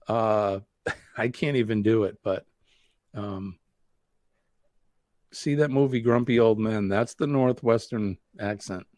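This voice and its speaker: A talkative man hosts a casual live stream. He chats easily, laughs often and reads viewers' comments aloud. His voice sits at an ordinary pitch and is recorded close and dry. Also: no room sound. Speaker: host of a live show.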